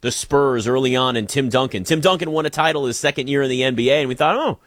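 A man's voice: mid-range voice, quick pace, a bit bright, dry recording, studio quality. A man hosting a sports talk show, chatty, opinionated and emphatic.

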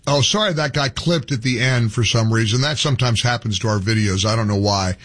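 In a radio studio, a talk radio host with a medium-pitched voice speaks a little fast. His heated, opinionated monologue is animated and full of stumbling restarts.

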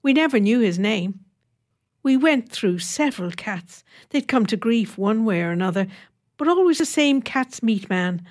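A woman's voice: fairly high pitch, animated, moderate pace, natural voice. Woman voicing a chatty older housewife. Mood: reminiscing. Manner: rambling, homely chatter.

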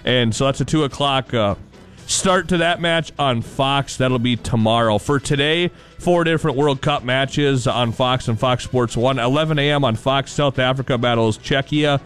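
A man at a mid pitch delivering a radio sports report. He chats with energetic stammering restarts, then reads out fixtures and times in a steady voice. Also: moderate pace, soft background music.

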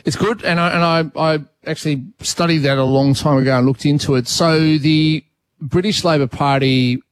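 A man's voice: a little high, fairly even intonation, moderate pace, no echo. An Australian man hosting a talkback radio show, chatting casually with callers and thinking aloud with frequent restarts. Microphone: studio mic.

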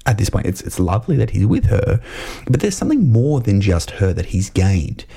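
A man's voice: fairly low pitch, big pitch swings, normal speed, vocal fry, warm tone, slightly rough. A young man hosting a show, talking through ideas in a thoughtful, rambling way with many fillers and restarts. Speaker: podcast host discussing a film. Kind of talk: casual analytical talk.

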